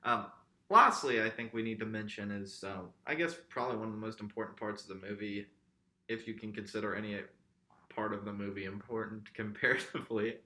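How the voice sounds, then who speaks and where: A man's voice: fairly low pitch, fairly even intonation, brisk, sharp tone, reverberant. A man co-hosting a podcast, casually and sarcastically picking apart a movie with jokes and swearing. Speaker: podcast co-host. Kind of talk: casual movie review chat.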